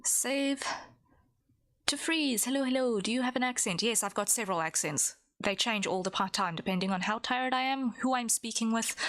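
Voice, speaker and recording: A woman on a drawing stream, narrating each step as she works and pausing to answer her chat. Her talk is casual and meandering, full of small asides and self-checks. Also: mid-range voice, a bit bright, no echo, clean studio sound. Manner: thinks aloud, chatty, reads and answers chat.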